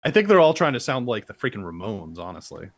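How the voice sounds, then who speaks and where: A man's voice: lowish voice, sing-song, quick pace, dry recording. A man co-hosting a casual podcast, rambling and joking, often laughing mid-sentence. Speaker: podcast co-host. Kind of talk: casual chat.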